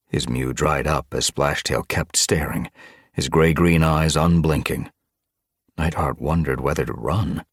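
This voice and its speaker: A man narrating an audiobook with expressive, dramatic storytelling. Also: very deep voice, gravelly, husky, dry recording, clean studio sound. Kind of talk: scripted narration.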